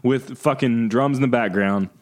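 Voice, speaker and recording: A man's voice: mid-range voice, moderate pace. A man co-hosting a podcast, teasing and blunt in crude casual banter. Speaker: podcast co-host.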